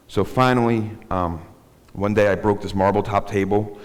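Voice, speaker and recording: Deep-voiced middle-aged man telling his story from the bimah, candid and self-mocking, with a long sanctuary echo. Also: steady tone, brisk. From South Philadelphia. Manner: candid, rambling storyteller with self-deprecating humor. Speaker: guest speaker. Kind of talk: personal testimony talk. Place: synagogue sanctuary.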